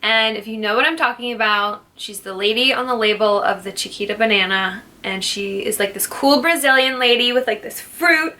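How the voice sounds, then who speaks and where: A young woman, a fitness instructor, chatting playfully through a casual Q&A vlog, jokey and quick to laugh. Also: on the high side, sharp tone. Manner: jokey, playful, not serious.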